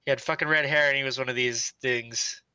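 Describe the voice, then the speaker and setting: A man's voice: mid-range voice, steady tone, fairly quick, bright, forceful tone, clear, resonant tone, no room sound, muffled recording. A man playing a tabletop game, joking brashly and swearing as he describes his character's moves. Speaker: player.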